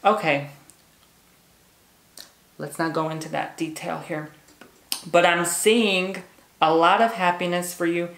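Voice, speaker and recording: A man's voice: high voice, fairly even intonation, takes it slowly, pauses often, fairly bright tone, echoey room. A man giving a pick-a-card tarot reading, bubbly and hyper, gushing and repeating words. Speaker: tarot reader.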